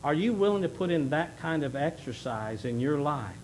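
A middle-aged man preaching a sermon in earnest, rising to loud emphasis and then dropping to a hushed plea. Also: a little high, animated, normal speed, a little hiss or hum, low-quality recording. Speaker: pastor.

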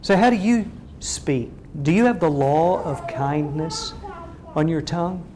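Middle-aged male preacher, earnest and questioning, voice sits a little high, faint rumble behind. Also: lively intonation, unhurried, mellow. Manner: earnest, asks the congregation many direct questions. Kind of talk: sermon.

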